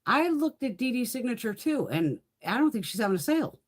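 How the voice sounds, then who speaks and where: A woman's voice: fairly high pitch, big pitch swings, brisk. A middle-aged woman hosting a casual beauty livestream, chatty and swearing freely as she tells stories.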